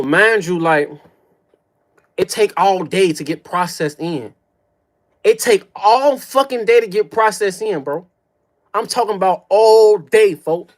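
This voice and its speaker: A man's voice: high-pitched, a bit bright. A young man telling a personal story on a livestream, in a profane, slang-heavy way with mouth sound effects. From Chicago. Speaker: streamer.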